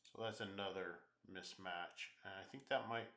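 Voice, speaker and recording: A man's voice: sits low, fairly even intonation, normal speed, pushed and bright, reverberant, a little hiss or hum. A man teaching programming, thinking aloud and muttering as he works through errors in a live coding walkthrough. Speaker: programming instructor.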